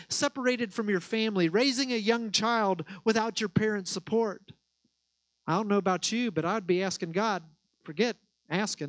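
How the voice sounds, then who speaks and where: Male pastor, high voice, earnest sermon delivery, dry close recording. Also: no echo, rough recording. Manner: earnest preaching, slows on key words.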